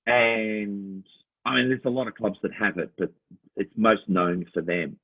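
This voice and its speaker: A middle-aged Australian man co-hosts a casual podcast chat, speaking unhurriedly in a voice on the low side. He's an animated storyteller who laughs a lot and slips into little voices, and the sound is tinny, like a phone line.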